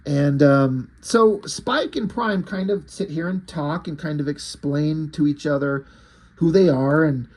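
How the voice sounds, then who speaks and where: Casual male comic reviewer, husky and slightly high-pitched, loose and chatty. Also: unhurried, a little mellow. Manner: chatty, swears, many fillers.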